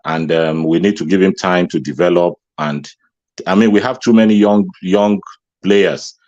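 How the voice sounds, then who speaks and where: A man speaking as a guest on a casual live stream, laying out his views with "um" pauses. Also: deep voice, darkish tone, no room sound, lo-fi sound. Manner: measured, reasoned speech with "um" pauses. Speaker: guest commentator. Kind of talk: casual chat.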